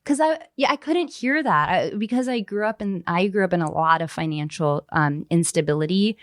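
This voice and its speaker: Low-pitched woman, thirties, candid podcast guest, animated storytelling, dry close sound. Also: a little fast, dry recording. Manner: animated, acts out quoted voices, frequent fillers. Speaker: author guest.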